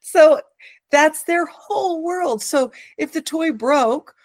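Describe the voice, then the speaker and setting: A middle-aged woman host and mother of five, talking in an animated, quick, rambling way in casual chat. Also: high-pitched, dry recording.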